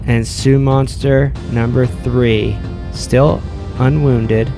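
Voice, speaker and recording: Gravelly man running a tabletop game. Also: medium pitch, fairly even intonation, very slow, music in the background. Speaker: game master.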